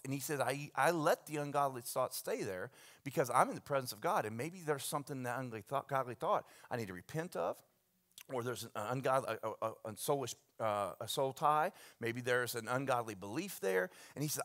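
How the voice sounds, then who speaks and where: A pastor in his church gives a sermon with a bright, clear tone. He tells stories animatedly, sometimes dropping to a near hush and sometimes rising to loud, excited bursts. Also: on the high side, brisk. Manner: animated storytelling, swings from hushed to loud. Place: church sanctuary.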